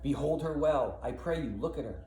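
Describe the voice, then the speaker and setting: A man's voice: a little high, animated, moderate pace, dark tone, voice pushed up, lightly acted. A man voicing a scheming male villain who feigns concern, declaiming verse. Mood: accusing. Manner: declaiming verse with false sympathy. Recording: echoey room, faint background noise.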